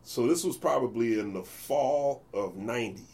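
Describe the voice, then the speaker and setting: In this clip the jazz bassist guest, an American man, has a medium pitch and moderate pace. His storytelling in the relaxed interview is animated, complete with voices for the people involved.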